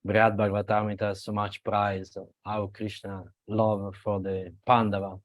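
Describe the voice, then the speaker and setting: A man from Italy with an Italian accent, speaking earnestly at a devotional gathering, halting and laughing a little as he restarts. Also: lowish voice, completely flat delivery, no room sound. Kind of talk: devotional talk on a video call.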